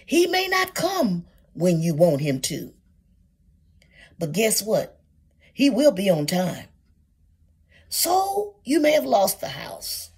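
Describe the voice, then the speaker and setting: A woman's voice: medium pitch, darkish tone, slightly rough. A woman preaching a sermon, calling her listeners saints and asking question after question, sometimes dropping to a whisper.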